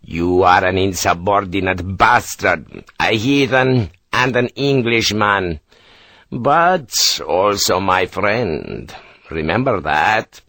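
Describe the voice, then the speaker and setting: A man voicing a proud Spanish officer who speaks formally and deliberately. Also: on the low side, fairly bright tone, no echo. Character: male Spanish cavalry officer, proud, formal, warm friend.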